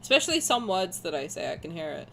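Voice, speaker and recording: A woman in her twenties with a posh southern English accent, streaming a game and chatting through it in rambling, animated asides. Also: on the low side, fast, creaky, a little hiss or hum. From south of England. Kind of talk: gaming commentary and reading aloud.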